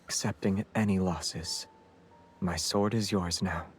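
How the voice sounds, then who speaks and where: An actor voicing a gentle, composed young male love interest in a game, speaking softly and calmly. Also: deep voice, slow, soft background music. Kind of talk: game voice acting.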